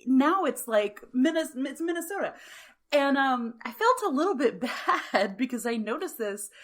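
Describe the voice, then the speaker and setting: A woman with a Texan accent, co-hosting a podcast in casual chat, brash and quick to swear and laugh. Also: sits high, expressive. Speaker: podcast co-host.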